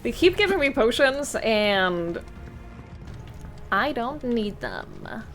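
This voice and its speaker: Chatty woman streamer, rambling, lots of fillers, bouncy lively pitch, slightly high voice. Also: faint music behind. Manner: chatty, rambling, full of "like" fillers, quick laughs. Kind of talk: casual chat while playing a game.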